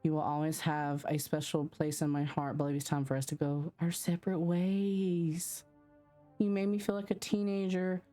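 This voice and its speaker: A woman reading aloud the love letters of a young woman in a game, in a soft, wistful way. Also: deep voice, level tone, moderate pace, faint music behind, close to an everyday voice.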